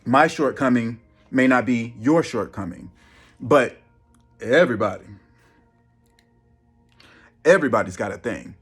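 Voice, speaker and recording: Halting man talking casually. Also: mid-range voice, animated, husky, soft background music. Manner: halting, repeats words, many ums. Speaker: vlogger. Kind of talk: casual vlog talk.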